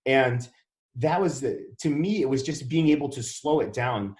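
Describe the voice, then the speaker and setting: A man's voice: mid-range voice, lively intonation, normal speed, darkish tone. A man telling his story as a podcast guest, acting out the dialogue he quotes. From Wisconsin. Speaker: podcast guest, real estate investor. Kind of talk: casual interview storytelling. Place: Dallas, Texas. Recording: roomy echo.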